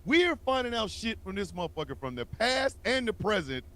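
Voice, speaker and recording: A man hosting a casual comedy chat show, excitable and profane, hyping up each guest as he introduces them. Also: sits high, brisk. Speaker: show host.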